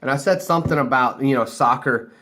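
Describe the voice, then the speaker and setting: A man's voice: medium pitch, fairly quick, pushed and bright. An American man telling a rambling story casually to camera, loose and a few drinks in. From United States. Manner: rambling, laughing, loose and chatty. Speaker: vlogger.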